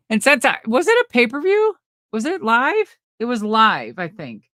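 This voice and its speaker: A woman's voice: on the high side, very animated, unhurried, sharp tone, dry recording, clean studio sound. A middle-aged woman telling a backstage story in a casual interview, rambling and laughing often as she acts out what people said. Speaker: interview guest.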